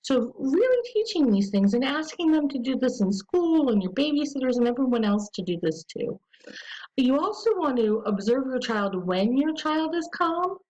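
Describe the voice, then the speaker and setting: A woman presenting an educational webinar, talking casually with frequent ums and slowing into a soothing voice to model calm self-talk. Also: sits high, muffled recording.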